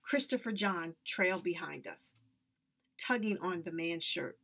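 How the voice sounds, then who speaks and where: A woman reading a story aloud with expressive, lively narration. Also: fairly low pitch, unhurried, creaky. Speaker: reader.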